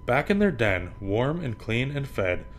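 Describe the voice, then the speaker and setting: A man reading children's picture books aloud for his podcast, with a lively, swinging voice pitched in the middle. He acts out the sounds with gusto, and a faint hiss sits under the recording. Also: measured pace. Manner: animated, acts out sound effects.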